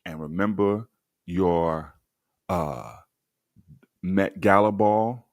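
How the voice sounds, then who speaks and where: A man's voice: deep voice, very slow, dry recording, clean studio sound. A man hosting a livestream, reading old documents aloud and commenting sardonically, talking straight to his viewers. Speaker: livestream host.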